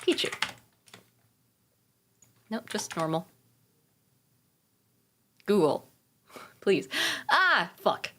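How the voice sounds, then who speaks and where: A woman's voice: medium pitch, big pitch swings, drawn-out words, long pauses, pushed and bright. Chatty swearing woman streamer. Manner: chatty, swears freely, talks to chat. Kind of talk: casual game stream chat.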